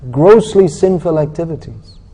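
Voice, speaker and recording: Over a rough recording, a man preaches to a scripture class at normal speed with lively intonation and a creaky voice. The tone is very dark and mellow, slightly high for a man, and he scolds his listeners with blunt sarcasm.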